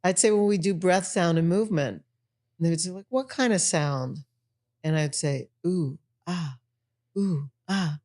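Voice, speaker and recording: A woman's voice: lowish voice, normal speed. A woman in her sixties, a tantra teacher, telling stories effusively in a podcast conversation. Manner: effusive, animated storyteller.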